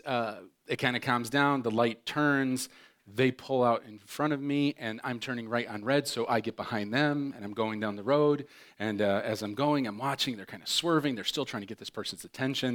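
A man in middle age delivering a sermon from the pulpit, his voice sitting in an ordinary middle pitch. He tells playful, jokey stories and jumps into quick impressions of the people in them, keeping things lively and conversational. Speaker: pastor. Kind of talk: sermon with comic storytelling.

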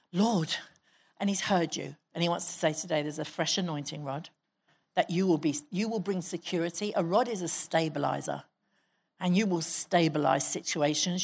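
A woman pastor preaches to her congregation in a fairly low voice. She exhorts her listeners and leads them in spoken prayer. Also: a little mellow, husky. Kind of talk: sermon with prayer and prophecy. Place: church hall.

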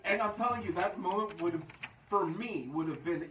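A man in a casual chat, excitable and laughing, swearing freely. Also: sits high, a little fast, distant mic, slight background noise.

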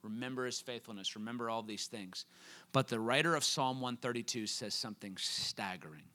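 A young man preaching a sermon, telling a story with quoted voices and laughs before building to fervent, loud calls. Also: mid-range voice, fairly quick. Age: young adult. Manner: laughs between lines.

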